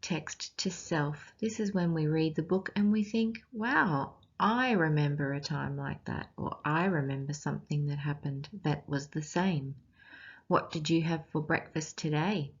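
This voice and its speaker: An Australian woman with a low, husky voice reads a picture book aloud to children, teaching as she goes and pausing to ask them questions. She reads slowly and expressively. The audio sounds dull.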